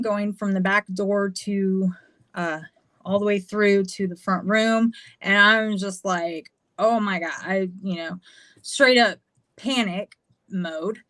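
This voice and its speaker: A woman's voice: medium pitch, no echo. Candid American woman telling a story. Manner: candid, swearing, lots of fillers. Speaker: podcast guest. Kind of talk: casual storytelling.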